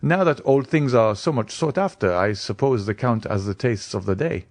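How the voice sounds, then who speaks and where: A narrator doing a fawning small-town notary, eager to please and quick to agree. The pitch bobs up and down, and the reading is recorded dry and close. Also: male voice, animated, dry recording, close to an everyday voice. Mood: obliging. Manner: eager, obliging. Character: fawning provincial male notary, fee-minded.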